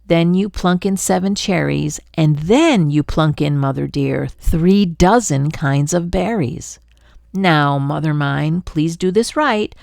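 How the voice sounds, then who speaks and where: A woman's voice: sits low, slow pace, gravelly, a little mellow, no echo, studio quality, heavily acted. An older woman voicing a chatty, pushy male glunk creature in a storybook read-aloud, sweet-talking and jabbering on.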